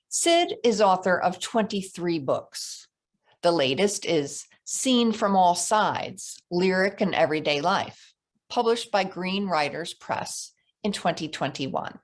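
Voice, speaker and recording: A woman hosting a literary reading, introducing the next guest in an admiring way. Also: fairly low pitch. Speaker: event host introducing a guest.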